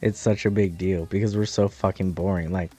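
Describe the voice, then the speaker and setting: A man's voice: low voice, fairly even intonation, fairly quick, dark tone, breathy edge, faint music behind. Profane, rambling American man. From United States. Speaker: streamer. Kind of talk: casual chat while gaming.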